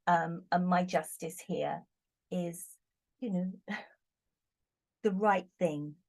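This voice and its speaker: A woman's voice: lowish voice, takes it slowly, creaky, darkish tone. A middle-aged British woman, a tarot reader hosting a casual chat, talking in a chatty, giggly, exclamatory way. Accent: British English. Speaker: tarot reader, channel host.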